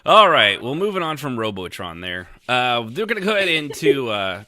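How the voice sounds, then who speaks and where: A man's voice: medium pitch, sing-song, normal speed, sharp tone, no echo, studio quality. A man co-hosting a podcast in casual chat, joking and sarcastic, laughing often. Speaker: podcast co-host.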